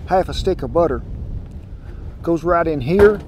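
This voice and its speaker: A man's voice: on the high side, expressive, a little slow, very noisy. A man with a Southern American accent hosting an outdoor cooking show, chatting in a homespun way to the folks watching. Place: outdoors at a smoker grill. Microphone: wireless clip-on mic.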